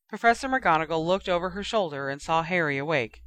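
A narrator reads a story in a steady, even way. The voice is bright and smooth, and the recording is close and dry with no room sound. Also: medium pitch, a little fast, few pauses, no echo. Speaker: audiobook narrator. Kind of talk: reading fan fiction aloud.

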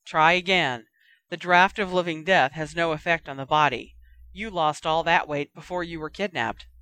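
A bossy school nurse barks out orders in short, snappish lines, as the reader puts her on. The voice is bright and crisp, read close to the mic in a dry room. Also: medium pitch, moderate pace, no room sound, lightly acted. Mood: scolding. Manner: snappish, commanding.

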